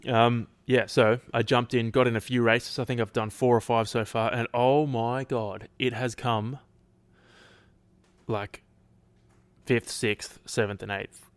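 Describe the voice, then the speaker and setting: A man's voice: mid-range voice, flat delivery, measured pace, clear, resonant tone, dry recording. A man hosting a casual solo podcast, rambling, restarting sentences and swearing offhandedly, his throat a little dry. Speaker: podcast host.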